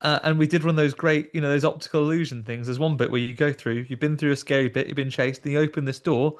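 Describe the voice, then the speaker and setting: Animated man telling a story. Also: fairly high pitch, fast. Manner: animated storytelling, acts out voices. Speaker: podcast host. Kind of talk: casual chat.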